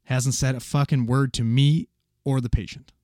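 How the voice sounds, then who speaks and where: A man casually telling a paramedic story, animated and swearing freely as he acts out the voices of the people in it. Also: mid-range voice, normal speed, no room sound, clean studio sound.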